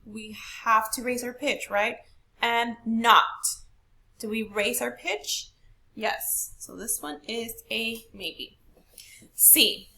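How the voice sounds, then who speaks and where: A woman teacher walking students through a poem, explaining slowly and stressing words to demonstrate. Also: on the high side, creaky, sharp tone. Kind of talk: classroom lesson recorded for students.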